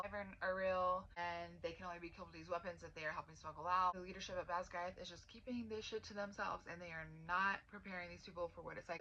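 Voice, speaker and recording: A woman giving a casual, chatty book recap, leaning heavily on "like" and quoting characters in quick asides. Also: lowish voice, bright, forceful tone. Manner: chatty, filler-heavy with lots of "like"; quotes characters in lightly acted asides. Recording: dull lo-fi sound with faint noise.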